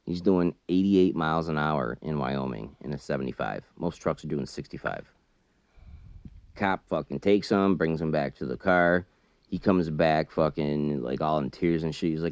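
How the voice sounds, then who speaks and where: Very deep-voiced man telling a profane story. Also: moderate pace, dry recording. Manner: profane, animated storytelling that gets loud when worked up. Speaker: trucker and chess channel host. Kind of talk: casual storytelling over a chess game.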